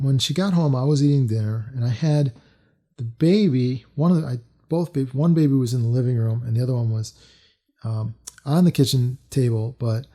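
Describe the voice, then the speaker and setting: A middle-aged man recounts a personal story in a loose, rambling way, leaning on fillers and restarts. His voice is mellow and dark, with a middling pitch.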